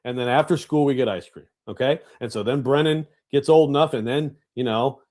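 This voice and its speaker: A middle-aged man co-hosting a radio show from home, telling a self-deprecating story with loud, animated outbursts. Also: medium pitch, a little fast. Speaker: radio co-host. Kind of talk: casual sports radio chat. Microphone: home setup on video call.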